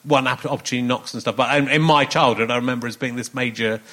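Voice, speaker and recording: A man hosting a casual comedy interview podcast, rambling and self-mocking, with lots of halting restarts. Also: medium pitch, steady tone, bright, forceful tone. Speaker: podcast host. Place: live audience venue.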